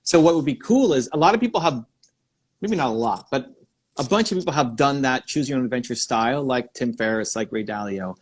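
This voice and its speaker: A man in mid-range pitch hosts a live stream, coaching a guest with excited energy. He thinks out loud, restarts his sentences and speeds up in bursts as ideas come to him. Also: fairly quick, breathy edge.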